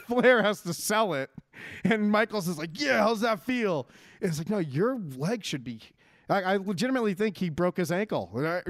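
A man's voice: sits high, no echo, studio quality. A man co-hosting a casual chat, brash and teasing, with lots of swearing. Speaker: podcast co-host.

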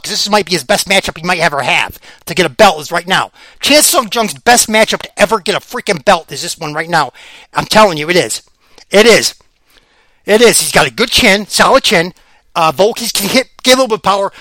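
A man hosting a podcast, giving casual fight picks in a rambling, excitable way and repeating himself, slightly out of breath. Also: sits high, no room sound. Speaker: podcast host. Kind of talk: casual fight-pick commentary.

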